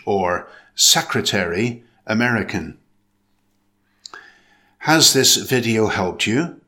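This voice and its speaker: Male English teacher voice for a pronunciation video, slow and bright, measured scripted delivery. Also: mid-range voice. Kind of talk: scripted instructional narration.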